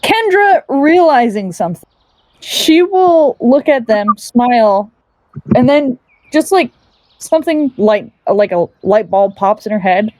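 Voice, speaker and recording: A woman's voice: fairly high pitch, animated, a little slow, a little mellow, no room sound. A woman taking part in a tabletop role-playing game, describing her character's actions in a chatty, casual way and laughing often. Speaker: player.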